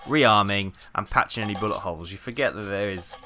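A man's voice: on the low side, brisk, pushed and bright, slight background noise. A Welsh man casually chatting and muttering through a simulator game as he plays, with a run of British exclamations. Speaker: gaming video host. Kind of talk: casual let's play commentary.

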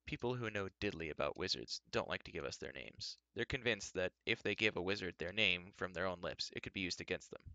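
A man reading a novel aloud, narrating in the first person with a dry, wry delivery. His voice sits low but has a bright, forceful edge, and it is recorded close with no room sound. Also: brisk, hardly any pauses, no room sound, highs cut off. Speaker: reader.

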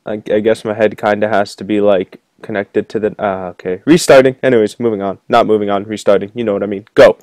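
A young man giving jokey, excitable commentary while playing a video game, whooping when he wins. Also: on the low side, quick pace, hardly any pauses, no room sound. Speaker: gaming channel host. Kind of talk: casual let's play commentary.

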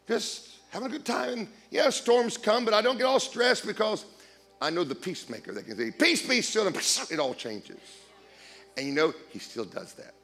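Animated middle-aged male preacher, lively pitch. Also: vocal fry. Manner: animated, jokey, acts out dialogue with big pitch swings. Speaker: guest preacher. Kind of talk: storytelling sermon.

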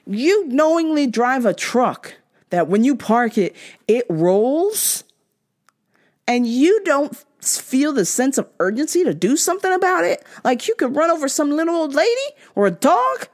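A young adult woman hosting a podcast, telling stories about rude customers in an exasperated, profane rant and mimicking people in high voices. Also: normal speed. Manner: animated, mimics others in high-pitched voices. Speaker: podcast host. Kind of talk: ranting storytime.

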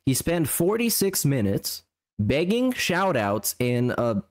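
A man's voice: mid-range voice, very animated, slow. A man co-hosting a podcast in casual chat, dismissive and critical. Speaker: podcast co-host.

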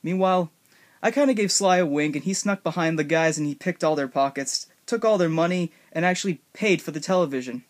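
A man's voice: on the high side, brisk. A young man casually narrating a made-up story, rambling with many fillers and restarts.

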